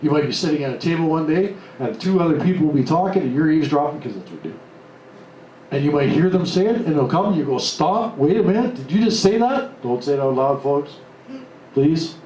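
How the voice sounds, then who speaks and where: The motivational speaker sounds on the high side here, animated and quick, with a warm tone captured by a distant mic and dull audio. Addressing a live audience emphatically, he acts out quoted voices; the room echoes, he's off-mic, and there's faint hiss.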